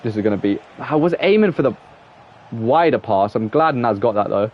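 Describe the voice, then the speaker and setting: A man's voice: medium pitch, expressive, moderate pace. A young man with an English accent chatting casually with viewers while playing a football game. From England. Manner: rambling, chatty, talks to viewers. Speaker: gaming streamer. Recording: slightly dull lo-fi mic with faint noise.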